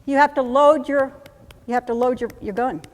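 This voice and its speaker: Woman coaching in an echoey hall. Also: high voice. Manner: brisk, coaching, repeats phrases rhythmically. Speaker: trainer teaching combat medics. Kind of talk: live workshop demonstration. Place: conference room. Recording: echoey hall from a live conference.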